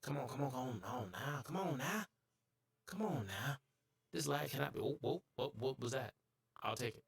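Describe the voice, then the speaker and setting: Excitable husky man streaming a game. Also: normal speed. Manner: excitable, jokey, breaks into bits of song and sudden high-pitched yelps. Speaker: gaming streamer. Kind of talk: live gameplay commentary.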